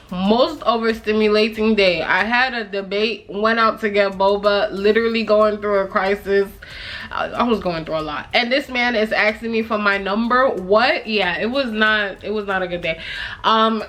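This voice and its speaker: A woman's voice: medium pitch, fairly bright tone. A young woman reading her diary aloud and reflecting on it in a casual, chatty way, laughing often and acting out the people she quotes.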